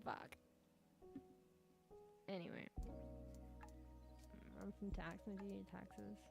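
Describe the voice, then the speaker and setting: Gravelly-voiced woman streamer chatting. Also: medium pitch. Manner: rambling, swears a lot, laughs often. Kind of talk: casual chat with stream viewers.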